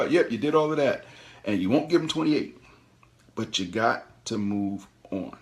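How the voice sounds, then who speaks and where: A middle-aged man hosting a call-in show, giving animated, preachy career advice and repeating his key phrases. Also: medium pitch, a little slow. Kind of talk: motivational career talk.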